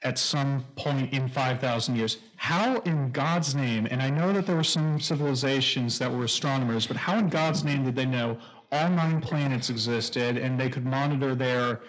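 Male co-host, mid pitch, wry casual film banter. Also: moderate pace, rough recording. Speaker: podcast co-host. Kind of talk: casual movie commentary chat.

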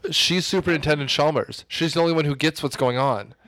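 A man in casual podcast chat, retelling a film scene in a rambling, animated way with many fillers. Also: a little high, fairly quick. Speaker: podcast co-host discussing a film.

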